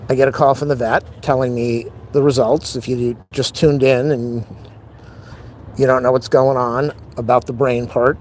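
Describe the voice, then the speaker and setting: A man's voice: mid-range voice, darkish tone, slight background noise. A middle-aged man venting in a rambling, frustrated casual monologue on a live stream.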